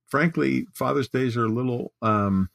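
A man's voice: medium pitch, moderate pace, vocal fry, dry recording. An older man talking as a podcast guest, earnest and heartfelt, in casual conversation. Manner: warm-hearted, earnest, tearful at times. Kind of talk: casual chat.

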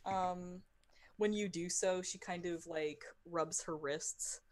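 A woman runs a tabletop game in a low voice, narrating scenes as game master. Her delivery halts on fillers and restarts. The sound is dry and close. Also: fairly even intonation, dry recording. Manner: halting, many fillers and restarts.

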